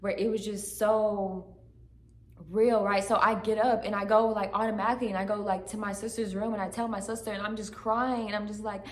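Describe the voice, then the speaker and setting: A woman's voice: medium pitch, level tone, fairly quick. A woman speaks earnestly to her camera, recounting a personal spiritual turning point. She keeps checking in with "right?" and "like" as she goes. Her mid-range voice rings with a noticeable room echo. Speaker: channel host giving testimony. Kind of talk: emotional personal testimony to camera. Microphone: camera facing her. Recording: echoey room.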